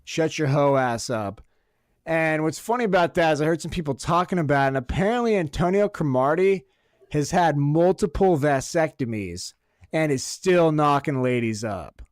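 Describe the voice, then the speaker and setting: A man co-hosts a podcast in a casual chat full of crude jokes, laughing often. His pitch is fairly high and his speed normal, captured in studio quality with no echo.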